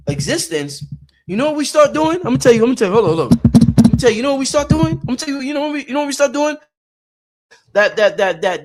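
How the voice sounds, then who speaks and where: A man with a strikingly high-pitched voice delivers a preachy motivational talk about spirituality. He hammers his points home, repeating phrases and swearing freely as he builds them up. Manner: emphatic, repetitive, preachy, profane. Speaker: podcast host.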